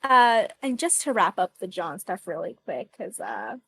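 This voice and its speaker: A woman's voice: mid-range voice, expressive, normal speed, vocal fry, bright, forceful tone, slightly rough. A woman co-hosting a podcast, chatty and a little hesitant, musing aloud in casual fan chat. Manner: chatty, hesitant, with many fillers. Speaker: podcast co-host.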